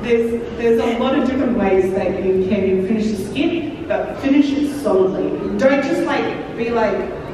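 A woman speaking slowly and easily, joking as she gives advice, heard from far off in an echoey hall with a long ring. Her voice sits a little high, with background noise around her. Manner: joking, easygoing.

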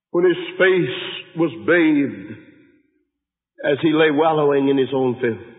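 A man's voice: on the high side, takes it slowly. A male pastor telling a story in a dramatic sermon in a large church hall. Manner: dramatic, dynamic delivery. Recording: tinny lo-fi audio, long hall reverb.

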